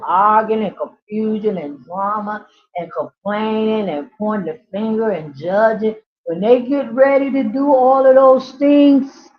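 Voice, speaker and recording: A woman speaks slowly and deliberately, building her points through emphatic repetition like a preacher. Her grammar is loose and colloquial. The stream audio sounds dull and muffled, and her pitch sits at a middling level. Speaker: inner child healing speaker. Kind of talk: impassioned teaching monologue.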